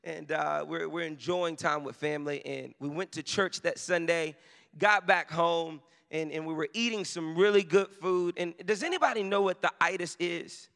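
A man preaching in a church, with a high, bright voice. He tells his story conversationally and pushes into shouted emphasis. His voice rings with the long reverb of a big hall. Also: normal speed, vocal fry. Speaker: pastor. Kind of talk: sermon with personal story.

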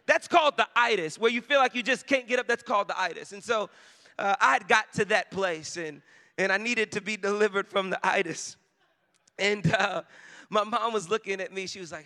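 A man preaching a sermon, telling a personal story in a conversational way and rising to shouted emphasis. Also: sits high, brisk. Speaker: pastor. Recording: long reverb of a large hall.

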